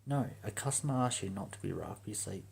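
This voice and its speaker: A young man telling a story on a livestream in a profane, swaggering, animated rant. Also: fairly low pitch, fairly quick, vocal fry, breathy edge. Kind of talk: ranting casual storytelling.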